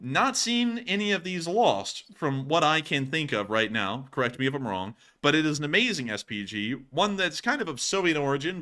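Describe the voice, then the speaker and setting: A man's voice: medium pitch, pushed and bright. A man hosting a live stream, casually commenting over video clips and cracking jokes. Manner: joking, casual, chuckles at his own puns. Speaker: host of war news stream.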